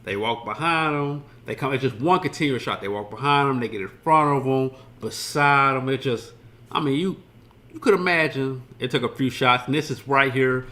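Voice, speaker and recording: A man's voice: mid-range voice, normal speed, pushed and bright. A man streaming a casual reaction commentary, rambling loosely and swearing freely as he retells scenes.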